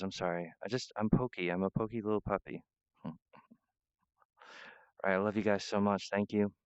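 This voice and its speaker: A man with a low, smooth voice delivers a rambling monologue straight to his viewers. He keeps apologizing and jumping between ideas. The sound is dry and close, with a dull, lo-fi quality. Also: no room sound. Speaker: self-styled wizard pitching himself.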